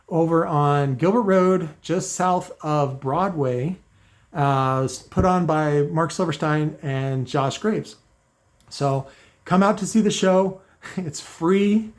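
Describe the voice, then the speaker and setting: A man with a fairly high voice ranting straight to camera. He rambles, keeps restarting his sentences and leans into sarcasm as he talks to his viewers. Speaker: car audio video maker. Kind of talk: unscripted rant to camera.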